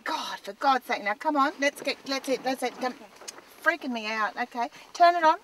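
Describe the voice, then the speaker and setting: A frazzled Australian woman in a car, mocking herself in an anxious, exasperated comic monologue. Her voice is bright and sharp, and it sits a little high. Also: expressive, moderate pace, slight background noise. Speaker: columnist.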